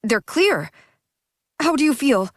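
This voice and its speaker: A woman's voice: on the high side, sing-song, normal speed, no echo, voice pushed up. Earnest, anxious young man, read by a woman; dry, close mic. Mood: concerned.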